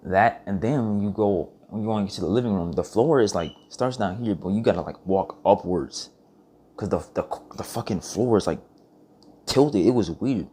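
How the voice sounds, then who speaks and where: A young man with a very low voice tells a story in a loose, rambling vlog monologue. He swears often and keeps restarting his sentences as he goes. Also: normal speed, breathy edge. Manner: rambling, profane, animated retelling with restarts. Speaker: vlogger.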